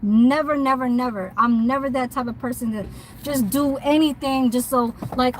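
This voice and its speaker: A woman's voice: high voice, normal speed, a little hiss or hum, poor audio. A woman who works as a mobile nail tech, ranting bluntly and profanely in a casual vlog from her parked car.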